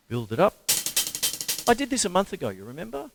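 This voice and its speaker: A chatty Australian man runs a laid-back drum lesson, joking between grooves and calling out stickings. His voice sits a touch high and swings lively up and down. A loud drum kit plays behind him. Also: a little fast, vocal fry, long pauses, loud music behind the voice. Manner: chatty, jokey, counts out stickings aloud. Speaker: drum teacher. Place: home drum studio. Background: loud drum kit playing.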